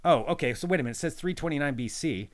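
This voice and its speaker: Lively man co-hosting a home podcast. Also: on the high side, very fast. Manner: jokey, reads facts aloud with playful asides. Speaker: podcast co-host. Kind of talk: casual chat. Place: spare bedroom at home.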